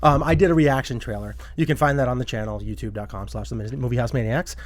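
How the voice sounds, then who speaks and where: A man hosting a casual movie chat podcast, excitable and quick to act out loud reactions. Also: medium pitch, slight background noise. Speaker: podcast host.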